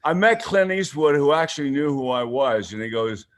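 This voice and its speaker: Animated older man telling stories. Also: mid-range voice, normal speed. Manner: animated, laughs often, acts out the people in his stories. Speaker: guest. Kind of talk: casual storytelling on a radio show.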